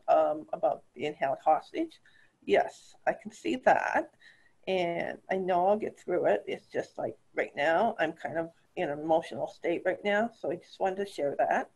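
A woman's voice: on the low side, moderate pace, darkish tone, husky. A woman on a group call, sharing her recent struggles in a rambling, emotional way, with laughs between her thoughts. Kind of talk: personal sharing.

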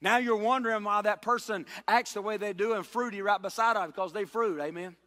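Pastor, high and bright, fiery delivery with shouts and amen calls; long church reverb. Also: male voice, brisk. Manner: impassioned, rises to shouts and drops low, calls for amen. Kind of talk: sermon. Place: church sanctuary.

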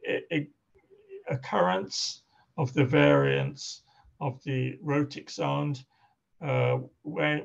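Gravelly, hesitant male lecturer. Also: medium pitch, dull audio. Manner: hesitant, many fillers and restarts. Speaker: linguistics lecturer. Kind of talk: academic seminar talk.

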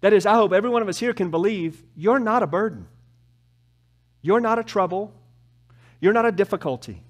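A man preaching a sermon as pastor, with emphatic rises and soft, slow, drawn-out drops. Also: high-pitched, lively intonation. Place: church.

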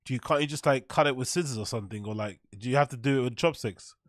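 A man's voice: medium pitch, fast, dry recording, studio quality. A man reacting to a cooking video in casual, mocking commentary, sarcastic and profane and laughing at his own jokes.

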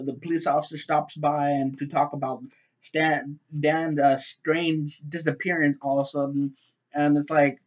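Rambling man on a dull lo-fi mic. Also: on the high side. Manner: rambling, halting, many fillers and repeated words; loose and profane. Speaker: TV episode reviewer. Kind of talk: casual spoken review.

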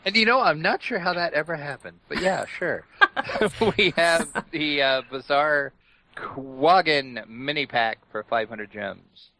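A man co-hosting a casual gaming podcast, reading out a list with playful quick asides. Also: fairly high pitch, sharp tone, poor audio. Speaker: podcast co-host.

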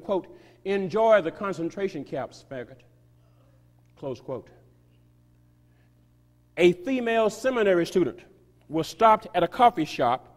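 A pastor with a notably high voice preaches in a church sanctuary, his words ringing with a long reverb. He is emphatic, swinging between loud and soft and quick and slow. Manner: emphatic, sweeping shifts of loudness and pace. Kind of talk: sermon reading a quoted article aloud.

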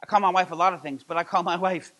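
Middle-aged guy preaching in church, high voice, gets loud and fired up. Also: fairly even intonation, fast talker, highs cut off. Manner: impassioned preaching, rising to loud emphatic peaks. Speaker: pastor. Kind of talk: sermon. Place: church sanctuary.

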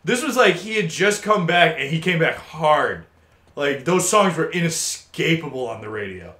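A man of twenty-two hosting a casual gaming podcast, telling a story as an animated, swearing rant. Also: on the high side, moderate pace, echoey room. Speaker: host. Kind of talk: casual podcast chat over gameplay.

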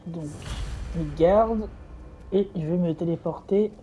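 Mellow-voiced chatty game streamer. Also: male voice, sits high, a little slow, a little hiss or hum. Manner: chatty, laughing often. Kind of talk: casual gameplay commentary.

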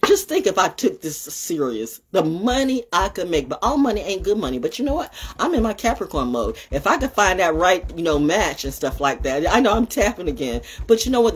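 A woman's voice: on the low side, husky. A woman hosting an off-the-cuff livestream, blunt and profane, swinging between ranting and playful sing-song chanting into a phone. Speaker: livestream host.

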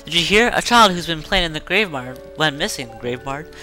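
A man's voice: on the high side, animated, a little fast, pushed and bright, faint music behind. A man voicing a chatty villager from a video game who gossips about local rumors. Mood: gossipy. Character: gossiping small-town villager.

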